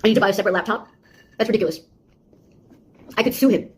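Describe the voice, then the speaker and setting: Woman acting as young female beta tester, husky voice, taunting, exasperated, audio drama. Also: medium pitch, rapid-fire. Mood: sarcastic. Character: sarcastic young woman scolding a nosy AI.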